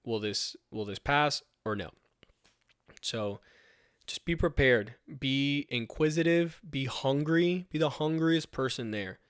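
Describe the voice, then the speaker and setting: A man's voice: mid-range voice, slow pace, clear, resonant tone, no room sound, studio quality. A young man hosting a podcast about his fire recruit training, giving an earnest, emphatic motivational talk that repeats rallying commands.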